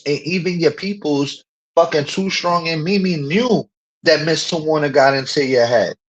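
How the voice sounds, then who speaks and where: Guy streamer going off in a rant, cussing a lot, aave, kinda high voice. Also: moderate pace, muffled recording. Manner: profane, emphatic, repetitive fillers. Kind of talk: heated casual rant.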